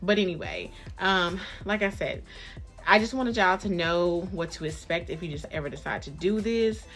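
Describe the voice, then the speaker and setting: A woman tells a casual storytime into her phone camera. She is animated and acts out the quoted people, jumping far up in pitch. Faint music plays under her voice. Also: moderate pace. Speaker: vlogger telling a story.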